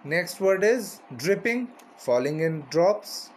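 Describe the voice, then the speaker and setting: A man's voice: high-pitched, lively intonation, slow pace, slight background noise. A man teaching a vocabulary lesson, repeating each word and its meaning and often asking "right?".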